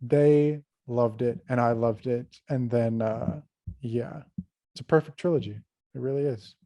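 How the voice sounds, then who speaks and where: A man co-hosting a podcast tells stories with loud excitement. His voice is dark and mellow, and it is recorded dry and close with no room echo. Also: mid-range voice, unhurried. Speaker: podcast co-host. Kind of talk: casual chat.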